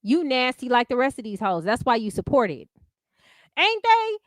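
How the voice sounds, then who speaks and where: A woman's voice: on the high side, sing-song, moderate pace, no room sound, clean studio sound. A woman hosting a livestream, ranting in a profane, combative way and answering her chat in casual speech. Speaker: livestream host. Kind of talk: heated casual commentary.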